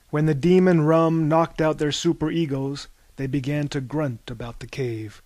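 A man reading a comic story aloud in a slow, deadpan manner. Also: fairly high pitch, dry recording. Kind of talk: scripted narration.

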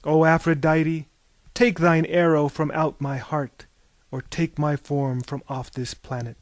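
A man's voice: on the high side, level tone, a little slow, dry recording, natural voice. A man reading a storybook, voicing a weary, lovelorn sea captain who laments theatrically. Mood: lamenting.

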